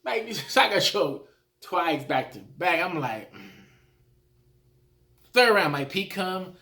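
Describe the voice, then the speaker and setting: A man giving a casual recap of rap battles, talking in an animated way and acting out his own reactions. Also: a little high, takes it slowly.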